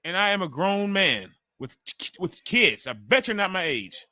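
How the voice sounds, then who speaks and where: A man in his forties hosting a wrestling watch-along live stream, reacting excitably and ranting with heavy swearing. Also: high-pitched, measured pace, no echo, clean studio sound. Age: 40s.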